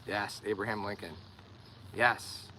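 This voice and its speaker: A man's voice: lowish voice, fairly even intonation, a little slow, pushed and bright, slight background noise, low-quality recording. A man with a Philadelphia accent talking casually to viewers on a live stream, often repeating words as he searches for them. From Delaware County, Pennsylvania. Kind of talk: casual livestream chat.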